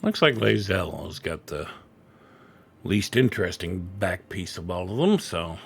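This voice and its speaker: A man's voice: low voice, sing-song, unhurried, vocal fry, slightly rough. A middle-aged man streaming a video game, chatty and self-deprecating as he talks into a desk microphone at home. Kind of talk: casual live-stream commentary.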